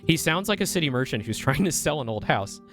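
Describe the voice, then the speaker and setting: A man's voice: a little high, very animated, fast talker, a bit bright. A young man streaming, reading a text game aloud and chatting in a playful, casual way. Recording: faint guitar music behind.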